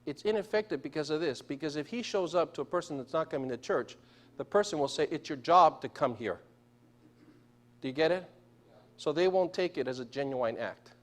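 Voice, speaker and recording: A man's voice: a little high, expressive, a little fast, darkish tone. A man preaching a sermon in a church, telling stories and asking the congregation questions. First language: Spanish. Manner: storytelling, asks the congregation questions. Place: church sanctuary.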